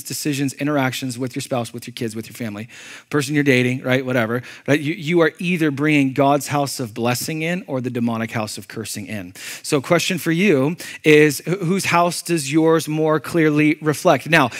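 A male pastor preaching a sermon in a conversational, animated way, swinging from loud emphasis to low, intense delivery and asking the congregation questions.

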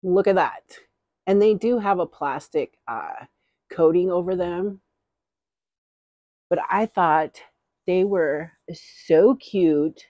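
A woman's voice: lowish voice, slow, long pauses, dark tone, dry recording, lo-fi sound. A middle-aged woman vlogger in casual, rambling haul chat, giggling often.

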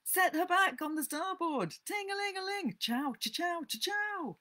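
A brash, cocky boy from a storybook, teasing and bellowing orders in a high, bouncy voice, put on by a woman reading aloud. His pitch leaps around as he mocks and shouts, with a slightly distant sound on the louder calls. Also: lively intonation, a little slow, exaggerated voice. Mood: playful bellowing. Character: cocky boy playing a steamboat.

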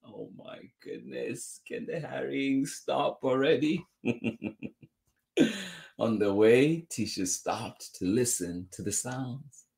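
A man's voice: mid-range voice, extremely slow, creaky, long pauses, darkish tone. A man reading a children's picture book aloud, chuckling often and adding exclamations between pages. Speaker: children's story reader.

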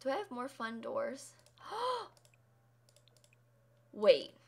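A woman's voice: a little high, huge pitch swings, very slow, creaky, slightly rough. A young woman live-streaming a game build, chatting casually and laughing often as she thanks viewers. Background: faint music and keyboard typing.

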